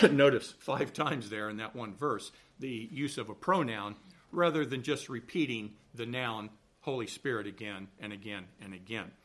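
A man with a Southern American accent teaches a church Sunday school Bible class, explaining things in a chatty, reassuring way and often checking in with "okay?". His voice is mid-range, a bit bright, at a moderate pace.

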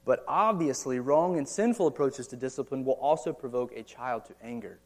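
A brisk, mid-range male voice comes from a pastor from the United States, in his thirties, preaching a sermon in a church or meeting hall. His style is conversational, leaning on frequent rhetorical questions and casual asides.

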